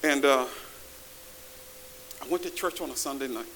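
A man preaching a sermon to a live congregation, animated, calling out to the audience and rising to shouts. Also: medium pitch, normal speed, a little hiss or hum, low-quality recording. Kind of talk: sermon with testimony. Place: church before a live congregation.

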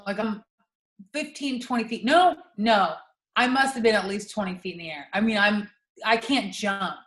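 A woman's voice: mid-range voice, normal speed, fairly bright tone. A young adult woman co-hosting a podcast, telling a story in casual chat and laughing often. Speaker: podcast co-host. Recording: echoey room.

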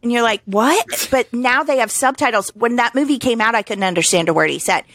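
Brief: young woman co-host, bright voice pitched a bit high, dry close sound, giggly chatter. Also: fast, no room sound. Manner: giggly and animated, laughs often. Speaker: podcast co-host. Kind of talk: casual chat, reading news stories aloud.

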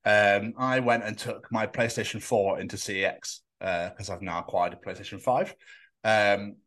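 A man co-hosting a podcast in casual chat, telling sweary, animated stories and acting out what other people said. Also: lowish voice, normal speed. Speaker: podcast co-host.

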